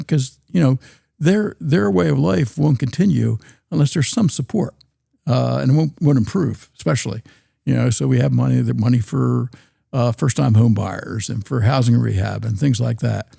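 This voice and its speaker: A man with a South Jersey accent, talking as a guest in an interview, often halting and repeating words as he thinks. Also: mid-range voice, vocal fry, dark tone, dry recording, studio quality. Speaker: guest, city planner. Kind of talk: casual interview talk.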